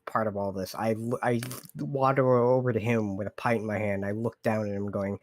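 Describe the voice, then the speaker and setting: A man's voice: lowish voice, fairly even intonation, brisk, hardly any pauses, no room sound. A man playing a tabletop game over a voice call, blunt and crude in how he talks. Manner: blunt, crude, swears freely. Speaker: player. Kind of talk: tabletop role-play.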